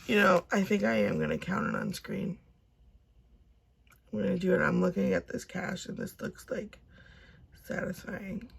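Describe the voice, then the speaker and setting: Chatty woman with a gravelly edge. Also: fairly low pitch, wildly swooping pitch, normal speed, long pauses. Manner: chatty, rambling, self-talk with fillers. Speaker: cash budgeting vlogger. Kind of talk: casual chat to camera.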